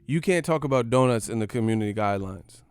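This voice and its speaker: A man's voice: mid-range voice, lively intonation, fast talker, a little mellow, clean tone, no echo. A man hosting a boxing channel, ranting casually with profane jokes and rambling asides. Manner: profane, joking, rambling with laughs. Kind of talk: casual comedic rant.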